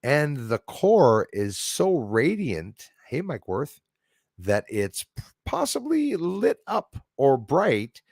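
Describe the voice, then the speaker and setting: A man's voice: medium pitch, huge pitch swings, takes it slowly, darkish tone, breathy edge, dry recording, clean studio sound. Rambling, chatty male livestream host. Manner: chatty and loose, laughs often, trails off mid-thought. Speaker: livestream host reading chat. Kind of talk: rambling casual live chat.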